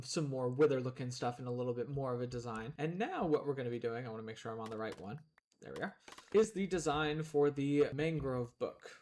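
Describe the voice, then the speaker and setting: A young man chats his way through a gaming stream in a relaxed, rambling way. He talks at a middling pitch and sometimes speaks between bites of food. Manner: chatty, rambling, talks while eating. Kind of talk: casual gameplay commentary.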